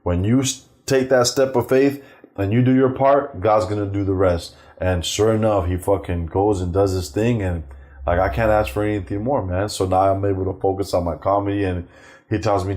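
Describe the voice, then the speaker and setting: A middle-aged male comedian telling profane, animated family stories, acting out the voices of the people in them. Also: sits low, normal speed. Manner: animated, acts out quoted voices, swears freely. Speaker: stand-up comedian, guest. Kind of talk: profane anecdotal storytelling.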